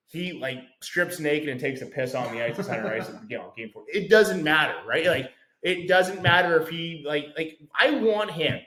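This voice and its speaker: A man co-hosting a casual sports podcast, talking in a rambling, excitable way and swearing freely. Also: on the high side. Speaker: podcast co-host. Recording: echoey room.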